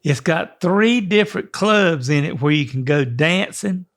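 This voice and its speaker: An older man with a fairly high, gravelly voice. He co-hosts a casual podcast, rambling in a folksy way and restarting his sentences often. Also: lively intonation, unhurried, fairly bright tone. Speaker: podcast co-host.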